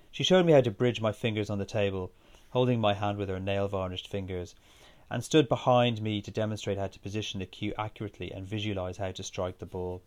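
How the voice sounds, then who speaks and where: A man reading a first-person story aloud in a steady, measured way. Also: lowish voice. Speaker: narrator.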